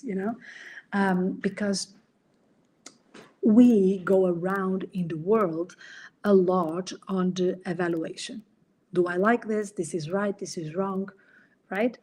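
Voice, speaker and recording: A woman's voice: mid-range voice, warm tone, slightly rough. A middle-aged woman coach and podcast host, explaining ideas in an earnest, casual way and sometimes acting out quoted dialogue.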